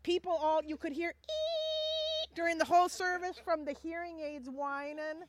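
A woman who leads a missions ministry, telling a personal testimony in an animated way and acting out the dialogue. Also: high-pitched, normal speed, noisy background.

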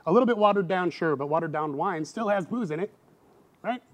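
Animated high-voiced male preacher. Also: fairly quick. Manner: animated, acts out quoted voices with big pitch jumps. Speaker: pastor. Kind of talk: sermon.

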